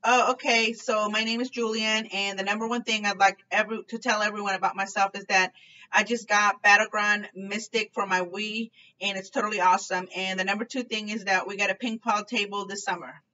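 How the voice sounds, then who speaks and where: A woman's voice: medium pitch, level tone, fairly quick, sharp tone, far from the mic, dull audio, natural voice. A woman voicing a boastful, sly schoolboy who talks in an eager, show-off way.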